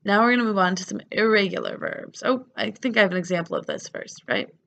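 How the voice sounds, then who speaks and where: A woman's voice: mid-range voice, fast talker, gravelly, fairly bright tone, highs cut off. A woman teaching French grammar, patiently spelling out verb endings letter by letter. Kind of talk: grammar lesson.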